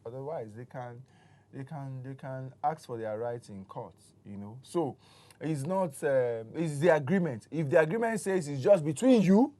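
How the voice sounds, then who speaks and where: A man's voice: medium pitch, moderate pace. A man with a Nigerian English accent, a real estate expert explaining deals on a studio talk show in an emphatic, explanatory way. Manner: explanatory, emphatic, grows animated.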